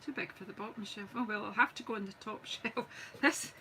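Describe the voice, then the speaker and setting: A woman's voice: mid-range voice, a little fast, pushed and bright, slight background noise, low-quality recording. A Scottish woman chatting casually and thinking aloud as she demonstrates card making on a live stream. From Scotland. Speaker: craft demonstrator. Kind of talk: live craft stream chat.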